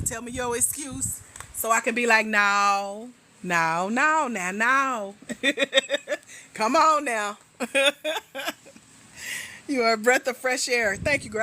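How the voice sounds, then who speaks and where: A middle-aged woman hosting a casual livestream, a grant coach who chats with viewers in a teasing, slangy, relaxed way while walking around at home, a little tired. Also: fairly high pitch, unhurried, slight background noise. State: tired, low energy.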